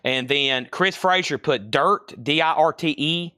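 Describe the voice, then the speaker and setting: A man hosting a live vinyl record sale, running an excitable commentary and talking to himself as he sorts and sells. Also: a little high, unhurried, smooth, dry recording, studio quality.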